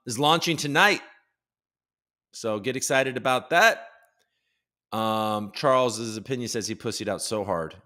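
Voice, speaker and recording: A man's voice: medium pitch, fairly bright tone. Male host, 30s, sounds tired; loose, chatty live-stream delivery at a desk mic. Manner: loose, rambling, reads chat aloud. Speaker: podcast host. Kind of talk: casual live-stream chat.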